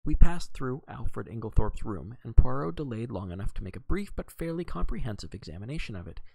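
A man reading a novel aloud on a live stream in an expressive way, with occasional slips and self-corrections. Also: medium pitch, fairly quick, vocal fry, no room sound, low-quality recording. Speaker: reader.

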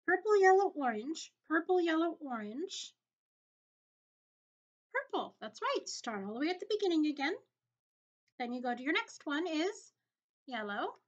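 A woman teacher giving a slow, encouraging video lesson to young children, in a singsong way. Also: high voice, sing-song, muffled recording.

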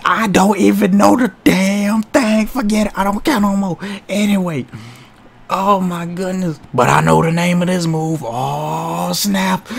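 A young man giving playful, excitable mock wrestling commentary while playing a video game, with lots of exclamations, slang and swearing. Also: high voice, creaky. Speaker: gamer doing mock commentary.

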